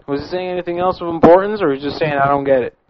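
A man's voice: on the high side, very fast, noisy background. A man hosting a prank-call show in casual comedic banter, pushy, with "man" tacked onto his lines. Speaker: radio show host making prank calls. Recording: dull lo-fi recording with music behind.

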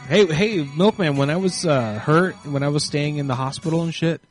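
A man with a fairly high voice talks in a laid-back, profane drawl, hosting crude prank calls. Faint music plays under his voice. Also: moderate pace. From Tennessee. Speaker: prank call radio host. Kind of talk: crude prank call comedy.

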